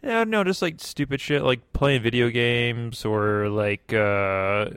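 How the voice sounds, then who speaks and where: A man's voice: medium pitch, takes it slowly, a bit bright, clear, resonant tone, dry recording. Laid-back man chatting casually. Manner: laid-back, rambling storytelling. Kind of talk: casual chat.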